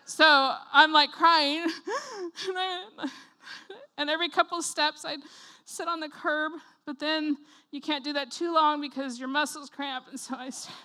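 Woman preacher, high and bright-voiced, lively storyteller in a sermon. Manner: animated storytelling, acts out voices, laughs often.

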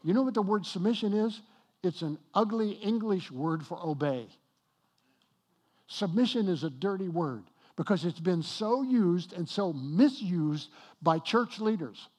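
Male pastor, high-pitched, emphatic sermon delivery with light banter to the congregation. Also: expressive, a little mellow, husky. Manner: emphatic, slows and rises on key points, jokes with the congregation. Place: church with congregation.

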